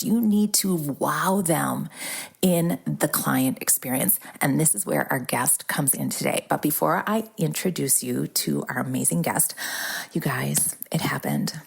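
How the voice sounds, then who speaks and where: Low, gravelly Midwestern woman in her forties, upbeat solo podcast host. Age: 40s. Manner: bubbly, chatty, drops into breathy asides. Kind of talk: casual solo podcast chat.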